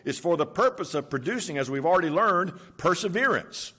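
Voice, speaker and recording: A man's voice: on the high side, expressive, a little fast, sharp tone, breathy edge. A man preaching a sermon in a conversational, storytelling way, stressing points by repeating them. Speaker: pastor.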